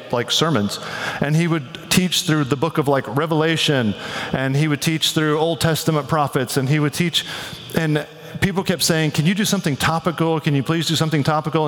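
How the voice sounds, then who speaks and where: A man's voice: a little high, moderate pace, in a large hall. A man preaching a sermon in a church, casual and conversational, often saying "like". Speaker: pastor.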